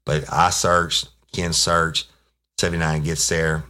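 Very deep-voiced profane storyteller. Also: male voice, flat delivery, takes it slowly, sharp tone. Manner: profane, rambling, folksy. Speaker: podcast host, former police officer telling stories. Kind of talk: casual storytelling.

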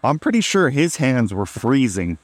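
A man's voice: medium pitch, big pitch swings, normal speed, no room sound. Man telling a funny story. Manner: laid-back, amused, acts out quotes. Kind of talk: casual comedic storytelling.

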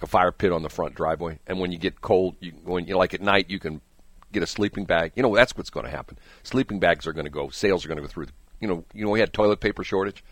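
A man's voice: low voice, dry recording. A man hosting a morning radio show, chatting casually and jokingly, mocking himself and laughing often. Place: radio studio.

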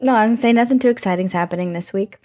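A woman's voice: medium pitch, very fast, darkish tone. A young woman co-hosting a true crime podcast, chatting and then reading out the case in a plain, friendly way. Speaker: podcast co-host. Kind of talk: casual chat and case narration.

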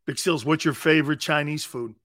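With a steady voice on the high side, slightly fast, this man hosts a sports talk show. He reads live chat and responds to comments in a casual, joking way, laughing often, his volume rising and falling sharply.

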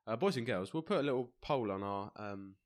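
A man's voice: medium pitch, lively intonation, a little fast. A young English man co-hosting a podcast, ranting in blunt, jokey banter. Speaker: podcast co-host. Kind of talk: casual banter.

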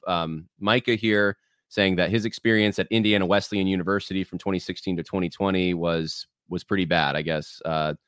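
A man's voice: deep voice, a bit bright, clear, resonant tone, no room sound, studio quality. A man hosting a podcast, talking loosely and reading out listener comments to his guest. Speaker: podcast host. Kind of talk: casual interview talk.

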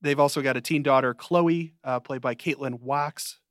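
A young man co-hosting a podcast, recapping a sitcom in a casual, dry, rambling way with quick asides. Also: mid-range voice, fairly even intonation, a bit bright, dry recording. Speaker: podcast co-host. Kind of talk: casual chat.

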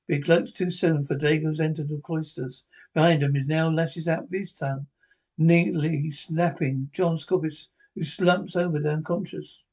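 A man narrating a podcast retelling of a TV episode, reading haltingly and often restarting phrases. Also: on the high side, fairly even intonation, darkish tone, rough recording.

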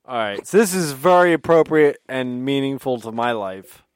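A tipsy man on a podcast, giggling and joking slowly with friends. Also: medium pitch, lively intonation, smooth, no room sound. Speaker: podcast co-host. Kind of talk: drunk casual chat.

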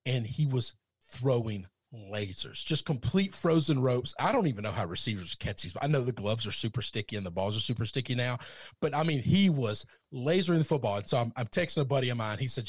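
Guy on a sports podcast, chatty and animated, acts out what people said, dry close mic. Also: mid-range voice, a little fast, breathy edge, dry recording. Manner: animated storyteller, acts out quotes. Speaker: podcast co-host. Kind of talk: casual sports talk.

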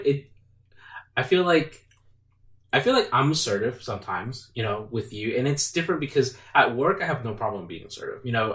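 A man co-hosting a casual chat, speaking slowly and in a measured, hesitant way. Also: lowish voice, fairly bright tone. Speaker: podcast co-host. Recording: echoey room, mic at a distance.

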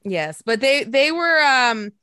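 Woman, casual chat, swears a lot, acts out quotes, lively rising and falling voice, dry close mic. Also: sits high, slow pace, clear, resonant tone, no room sound. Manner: animated storytelling, swears freely, acts out quotes. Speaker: podcast co-host.

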